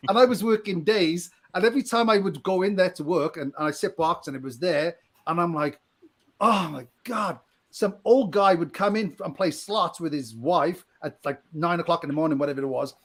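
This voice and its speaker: A man with a high, very lively voice tells funny stories on a podcast. He plays up his frustration for laughs, and his pitch jumps around as he goes. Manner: animated, joking, exasperated storytelling. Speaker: podcast co-host, casino dealer. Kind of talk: casual podcast chat.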